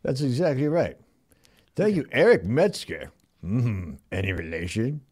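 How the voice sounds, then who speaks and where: Man doing a tough-guy comedy host, mumbling drawl, goofy, very lively pitch. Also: unhurried, background noise. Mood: jokey. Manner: goofy, cheerfully bossing the sidekick and crew. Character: brash Stallone-style male talk-show host. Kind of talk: live comedy show character.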